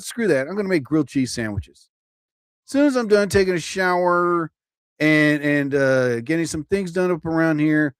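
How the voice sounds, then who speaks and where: A man's voice: fairly high pitch, a bit bright, clear, resonant tone, no echo, studio quality. A man doing a casual, rambling livestream from home, chatty and self-interrupting, laughing at himself and yawning a little. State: yawning, a bit tired. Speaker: comedian livestreaming. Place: at home, TV on overhead. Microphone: phone or computer mic, livestream.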